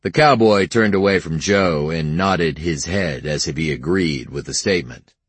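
Deep, husky male audiobook narrator. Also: moderate pace, no echo. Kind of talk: scripted narration.

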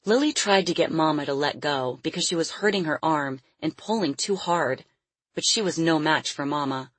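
A woman reading a novel aloud as an audiobook narrator, in a measured and expressive way. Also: low voice, slightly rough, dry recording. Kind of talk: scripted storybook narration.

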